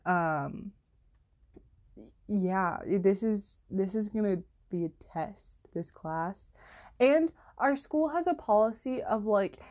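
An animated teenage student talks casually into her camera, rambling and filling her sentences with "like" and "literally." Exasperation sends her voice jumping higher.

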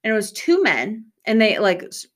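A woman's voice: mid-range voice, sing-song, normal speed. A young woman co-hosting a podcast, chatting casually, swearing freely and laughing often as she tells stories. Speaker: podcast co-host. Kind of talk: casual chat.

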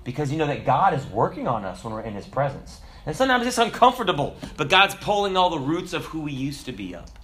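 A man's voice: sing-song, fast, few pauses, a bit bright. A male pastor preaching a sermon in a conversational way, with joking asides, who builds to emphatic preaching. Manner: rises to emphatic, higher-pitched preaching.

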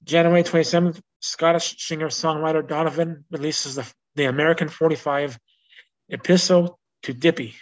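A man's voice: fairly high pitch, steady tone, moderate pace. A man hosting a casual solo music-history podcast. He reads from notes and drifts into rambling asides full of restarts and self-corrections. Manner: reads out notes in a plain informational way. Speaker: podcast host. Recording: dull lo-fi recording.

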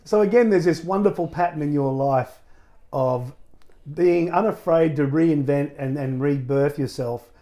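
Mellow-voiced interviewer. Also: male voice, a little high, a little slow. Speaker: interviewer, podcast host. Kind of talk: conversational interview.

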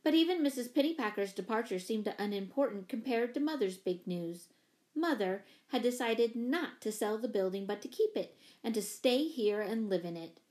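A woman's voice: a little high, moderate pace. Woman reading a children's story. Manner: clear, even storybook reading. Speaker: narrator. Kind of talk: scripted narration.

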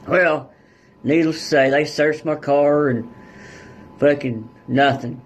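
A man's voice: fairly high pitch, fairly even intonation, slow pace, pauses often, lo-fi sound. Profane, blunt man telling a story. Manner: blunt and heavily profane, rural dialect. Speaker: podcast guest. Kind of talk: casual storytelling.

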